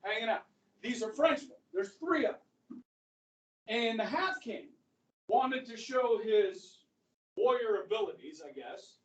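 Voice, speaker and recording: A male American history teacher with a high, animated voice gives a casual storytelling lecture, unhurried and pausing often. His chatty delivery is punctuated by frequent "okay?" check-ins, and the lo-fi recording comes from far off in a roomy, echoey classroom.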